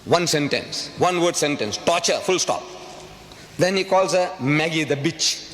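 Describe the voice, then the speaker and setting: A fairly high, fairly bright voice, a little slow, belongs to an older South African public speaker. He gives a live audience an impassioned, rhetorical lecture, circling back to repeat phrases for emphasis. Faint hiss and the echo of a hall color the recording.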